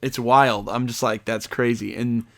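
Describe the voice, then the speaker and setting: A young man co-hosting a casual podcast chat, excitable and given to loud outbursts when retelling his reactions. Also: mid-range voice, unhurried. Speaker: podcast co-host.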